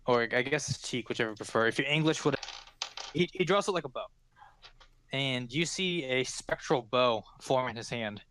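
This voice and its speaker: A man's voice: medium pitch, animated, moderate pace, sharp tone. A man narrating a tabletop game as game master, rambling with many fillers.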